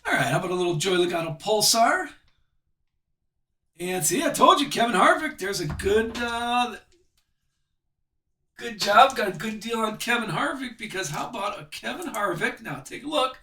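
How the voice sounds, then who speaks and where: A man's voice: high-pitched, animated, normal speed, sharp tone, recorded from a distance, slight background noise. A man hosting a live trading card break stream, chatting upbeat as he opens packs and calls out each card. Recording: echoey room, voice a bit off-mic.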